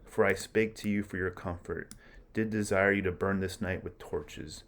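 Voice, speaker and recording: A man reading aloud the lines of an aging Roman general in measured Shakespeare verse, during a lecture. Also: deep voice, steady tone, a bit bright. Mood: rallying. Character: male Roman general, aging, grandly mournful.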